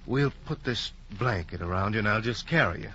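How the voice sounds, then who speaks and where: An actor playing a brisk hospital doctor, kindly and humoring a confused patient. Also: male voice, lowish voice, animated, bright, forceful tone, muffled recording, a little hiss or hum.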